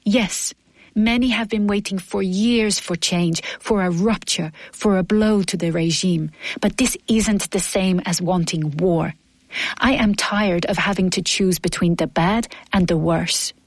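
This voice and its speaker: A woman's voice: mid-range voice, measured pace, no echo. A woman reading her personal diary entries aloud in a weary, earnest way.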